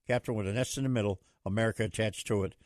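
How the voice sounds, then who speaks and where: A man hosting a political talk radio show, delivering with a booming, theatrical announcer style. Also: fairly even intonation, rapid-fire, a little mellow, no room sound, studio quality.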